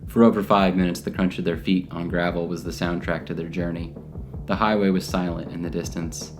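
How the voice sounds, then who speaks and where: A man narrating a scripted audio drama in a measured, even storytelling manner. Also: low voice. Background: guitar music.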